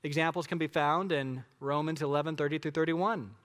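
A man's voice: fairly high pitch, steady tone, a little fast, fairly bright tone, in a large hall. A man preaching a sermon as pastor, conversational and emphatic, asking the congregation rhetorical questions.

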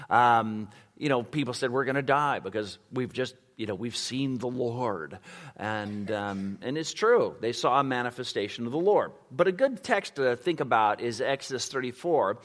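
A male pastor preaching in a relaxed, conversational way, full of ums and you-knows, who breaks into acted-out quotes. His voice sits at an ordinary pitch for a man. A long reverb from the hall trails after each phrase. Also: normal speed. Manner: conversational, animated, many fillers, acts out quotes. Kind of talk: sermon with Q&A.

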